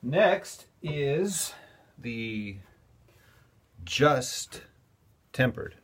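A man's voice: medium pitch, very animated, extremely slow. A man who makes cigar box guitar fretboards, giving a casual how-to tutorial and explaining each step plainly.

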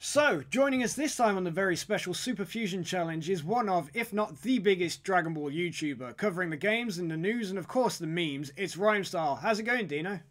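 A man hosting an online quiz show, energetic and laughing often. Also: sits high, fairly quick, hardly any pauses, a little hiss or hum. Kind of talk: upbeat hosting with frequent laughter.

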